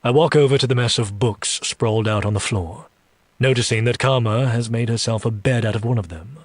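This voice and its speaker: A man reading a first-person story aloud in an audiobook style, slow and deliberate, dropping low for menacing asides. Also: dry recording. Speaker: story reader.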